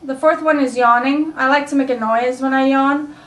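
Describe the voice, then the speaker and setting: A woman's voice: high voice, steady tone, moderate pace, a bit bright. A woman dog trainer casually explaining and demonstrating yawns and sighs in a video lesson. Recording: echoey room, mic at a distance.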